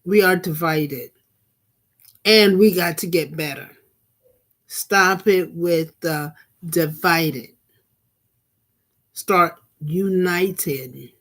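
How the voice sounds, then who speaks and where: A middle-aged woman talks slowly to her live-stream viewers, sermonizing in a relaxed, conversational way. She circles back and repeats key phrases for emphasis and breaks into laughter at times. Her voice sits a bit low. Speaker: vlog host and minister. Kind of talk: casual live-stream commentary.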